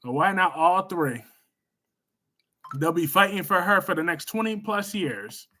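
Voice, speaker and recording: A man hosts a live stream, chatting with viewers in an animated way. His voice sits high and bright. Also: a little slow. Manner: chatty, animated, scolds chatters loudly then gushes warmly. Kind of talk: casual live stream chat, reading viewer comments.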